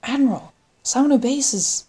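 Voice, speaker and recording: A woman's voice: sits high, expressive, moderate pace, husky, voice pushed up. A woman doing a brash male fleet commander. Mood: alarmed. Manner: brash shouted orders. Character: bold male commander, aggressive.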